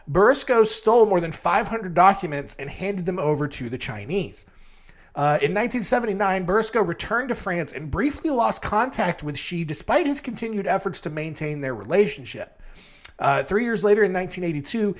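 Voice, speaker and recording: A man hosting a casual storytelling podcast, rambling and jokey and often laughing at his own asides. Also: high-pitched. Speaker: podcast host.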